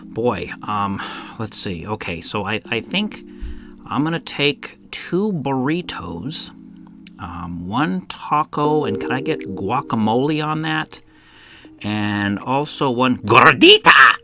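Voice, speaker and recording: A man's voice: mid-range voice, very animated, a bit bright, soft background music, voice pushed up, full character voice. A man imitating a hesitant woman relative ordering at a drive-thru, stumbling and stretching her words. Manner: halting, hesitant with ums, drawn-out words.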